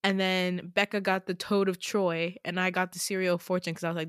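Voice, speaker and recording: A woman host casually retelling a dream, full of "like" fillers and casual swearing, with sudden high exclamations. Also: steady tone, a little fast, hardly any pauses, fairly bright tone, clear, resonant tone, dry recording, clean studio sound. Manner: chatty, frequent "like" fillers, swears freely. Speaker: podcast host.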